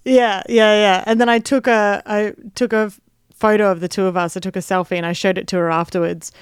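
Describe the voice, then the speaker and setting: A woman co-hosting a podcast, telling lively stories and laughing often. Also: medium pitch, a little fast, clear, resonant tone, dry recording, studio quality. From Australia. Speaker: podcast co-host. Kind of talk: casual chat.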